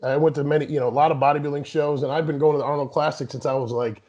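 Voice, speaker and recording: A man's voice: fairly high pitch, fairly even intonation, racing, darkish tone. A man in his thirties, a guest bodybuilder, talking casually and rambling with many restarts. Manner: rambling, frequent restarts and "you know". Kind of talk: casual interview talk. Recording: dull lo-fi sound.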